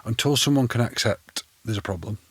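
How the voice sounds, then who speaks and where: A man's voice: mid-range voice, fairly quick, fairly bright tone, breathy edge, no echo. A man hosting a candid podcast conversation, speaking directly and encouragingly. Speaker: podcast host.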